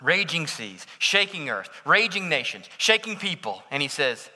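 Guy preaching a sermon, high lively voice, goes bold then almost whispers, big reverby hall. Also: moderate pace, few pauses. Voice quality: dramatic shifts between loud declaration and soft near-whisper. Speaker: pastor.

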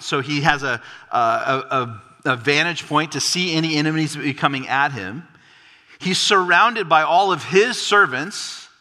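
Bright-voiced preacher in a reverberant hall. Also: male voice. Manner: emphatic, dropping low for solemn points. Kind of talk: expository sermon.

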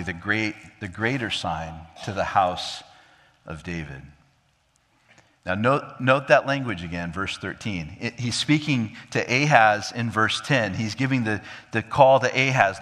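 A man preaching an expository sermon, swinging from emphatic high peaks to low, quiet drops and acting out quoted dialogue. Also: long reverb tail. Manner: acts out quoted dialogue of God and king. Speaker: pastor.

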